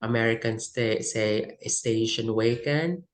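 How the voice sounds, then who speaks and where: A woman runs a vocabulary lesson for test prep. She speaks slowly and deliberately, reading out word pairs and adding quick Tagalog asides. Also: very deep voice, low-quality recording. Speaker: English test coach.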